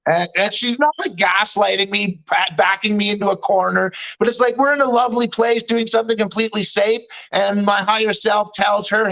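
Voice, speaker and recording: Guy with a pretty high voice, chatting real candid, slangy, drops swears. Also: steady tone, a little fast, creaky, hardly any pauses, pushed and bright, rough recording. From Canada. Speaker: guest. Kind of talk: casual chat recounting a dream.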